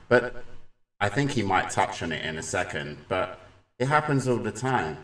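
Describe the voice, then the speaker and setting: Brief: man, low voice, casual reaction chat, echoey room. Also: lively intonation, a little slow, long pauses, fairly bright tone. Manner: chatty, agreeing, mocking impressions. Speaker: reaction video host.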